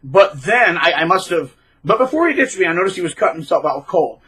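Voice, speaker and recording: A man's voice: high-pitched, sing-song, fairly quick, bright, forceful tone, slightly rough, rough recording. A man hosting his own channel, talking in a rambling casual monologue with many fillers and repeated words. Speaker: channel host.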